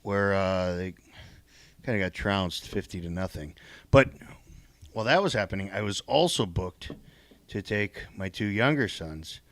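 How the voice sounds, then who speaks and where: A middle-aged man on a casual podcast, telling a rambling story in a deadpan, halting way with lots of pauses. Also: low voice, no room sound.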